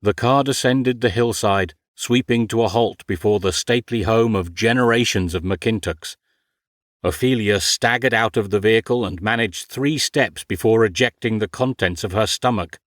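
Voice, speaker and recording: Male audiobook narrator, steady and wry, dry close mic. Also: lowish voice, dry recording. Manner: measured, wry storytelling. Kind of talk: scripted narration.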